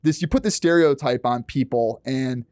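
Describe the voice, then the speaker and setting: A man talking as a guest on a podcast, animated and swearing often as he acts out quoted lines. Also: mid-range voice, moderate pace, clear, resonant tone, no echo, clean studio sound. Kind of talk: casual podcast chat.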